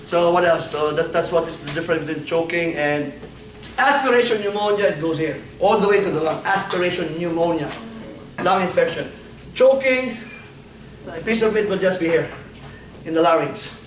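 High-voiced playful male lecturer. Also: brisk, slight background noise. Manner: playful, quizzing students, frequent laughs. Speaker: anatomy lecturer. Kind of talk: classroom lecture. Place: classroom. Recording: echoey classroom from far off.

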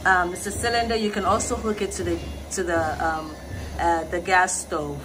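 A woman, vlogging casually and explaining things plainly, often pausing to find her words. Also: on the low side, fairly even intonation. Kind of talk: casual vlog narration. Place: outdoor porch used as a kitchen. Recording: outdoor ambient noise.

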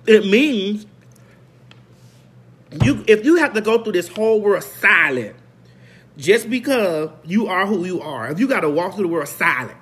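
A woman's voice: medium pitch, expressive, unhurried, slightly rough. A woman hosting her own online show in a brash, profane, unscripted rant to viewers, hammering single words over and over.

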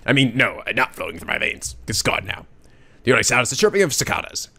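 A man's voice: mid-range voice, sing-song, fast, vocal fry, pushed and bright, husky. A man hosting a let's play, reading a visual novel aloud with playful, theatrical delivery, often giggling.

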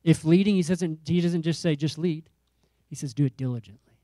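Male pastor, sermon delivery, emphatic and repetitive, warm tone, dry close mic. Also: fairly high pitch, brisk, dry recording. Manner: emphatic preaching with repeated phrases and rising calls.

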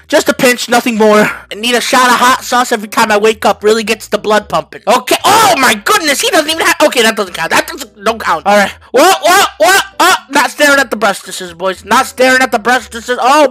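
A man hosting a comedic reaction video, talking to viewers as boys and fellas and breaking into yelps and shouts. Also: extremely high pitch, no room sound. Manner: hyped, jokey, bursts into yelps and shouts. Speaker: YouTuber.

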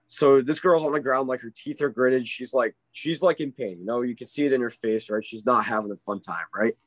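A man in his middle pitch range tells a story as a ski instructor, animated and quick to check in with "right?". His voice sits close and dry, with no room sound around it. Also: no room sound. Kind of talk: casual storytelling in an interview.

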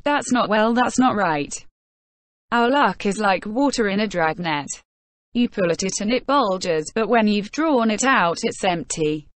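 A gentle, pious old peasant soldier, as a woman reads him spins his homespun sayings in a plain, mid-pitched voice. The sound is close and dry, with no room around it. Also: no echo, natural voice. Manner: folksy, homespun storytelling.

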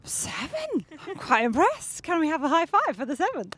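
A woman's voice: very high voice, wildly swooping pitch, moderate pace, a bit bright, slight background noise. A woman presenting a casual interview outdoors on a balcony, friendly and upbeat, often ending questions with tag questions.

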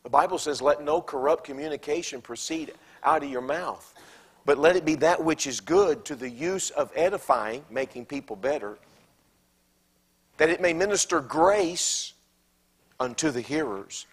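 A man with a Southern American accent preaching from the pulpit in a church. His voice sits a bit high for a man. He swings between ringing, emphatic declarations and soft, almost whispered asides. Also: expressive, moderate pace, husky. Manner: swings from loud preaching to hushed, near-whispered quotes. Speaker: pastor. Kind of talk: sermon. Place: church sanctuary.

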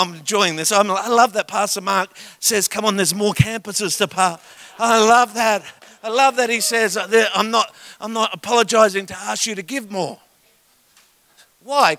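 A man preaching a sermon as a guest pastor in a church, animated and joking with the congregation. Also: high-pitched, no room sound. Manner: animated, jokes with the congregation, acts out story voices. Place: church auditorium. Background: soft keyboard music.

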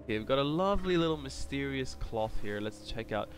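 A man's voice: mid-range voice, animated, a little fast. A man streaming a game live, joking and chatting playfully with viewers. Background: game music.

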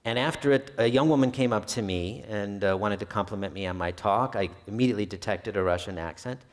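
This male historian, speaking a little fast with a fairly low pitch, tells easygoing anecdotes about his book at a public talk. Occasional filler hesitations creep in as he relaxes into the story. The library event hall adds long reverb.

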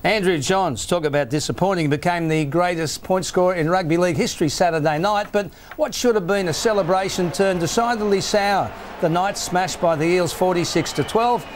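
A man's voice: sits high, brisk, hardly any pauses, slight background noise. A man hosting a sports panel, reading viewer comments and steering the debate. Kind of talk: studio panel discussion.

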